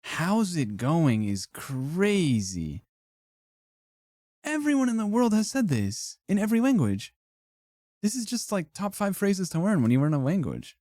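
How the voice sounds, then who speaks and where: A man's voice: high-pitched, wildly swooping pitch, unhurried, dark tone, dry recording, studio quality. A man streaming live, ranking things in casual, profane, joking commentary and laughing often.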